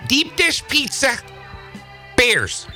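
A man with a high, piercingly bright voice bantering on a radio show. His jokey, boastful talk swings widely in pitch, with faint music behind. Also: wildly swooping pitch, extremely slow. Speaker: radio guest. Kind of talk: casual on-air banter.

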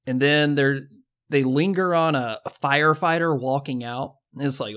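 A young man co-hosting a movie podcast, chatty and quick to laugh in casual talk. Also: mid-range voice, a bit bright. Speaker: podcast co-host. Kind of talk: casual movie review chat.

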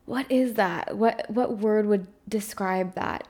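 Speaking slowly in a mid-range voice with a darkish tone, a young woman who hosts a podcast and works as a spiritual coach talks alone about her fears. The monologue is candid and confessional, long and searching, with plenty of swearing.

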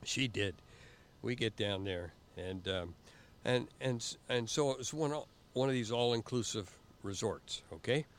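An older man telling stories in a casual interview, halting and often repeating words as he goes. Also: fairly low pitch. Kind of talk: casual storytelling.

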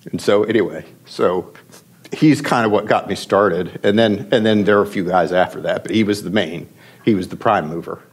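A middle-aged man with a somewhat low voice speaks as a podcast guest. He tells his stories in a halting, emotional way and often restarts his sentences. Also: breathy edge. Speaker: podcast guest, venture investor. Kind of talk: storytelling in conversation.

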